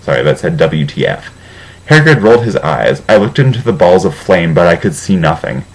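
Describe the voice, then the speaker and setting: A man's voice: low voice, sing-song, brisk, poor audio. A young man comically reading a fan fiction aloud, mock-serious, with sarcastic asides.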